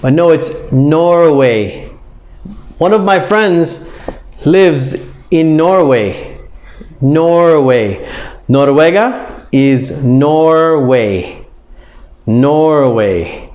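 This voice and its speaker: A man gives an English pronunciation lesson in a fairly high voice, speaking very slowly. He says each word several times, stretching it out so learners can follow. The sound is a little dull and lo-fi. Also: lively intonation, darkish tone. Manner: repeats words slowly, drawn out for drilling. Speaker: English teacher.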